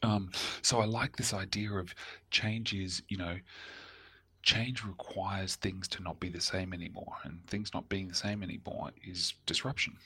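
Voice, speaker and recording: A man's voice: low voice, fairly even intonation, normal speed, pushed and bright, slightly rough, dry recording. A man co-hosting a casual podcast, easygoing and chatty, sometimes dropping to a near whisper. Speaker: co-host.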